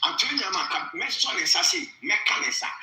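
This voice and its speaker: A man's voice: sits high, very animated, normal speed, bright, forceful tone, reverberant, low-quality recording. A man preaching fervently on a podcast, repeating his phrases and switching into Twi. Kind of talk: preaching in talk.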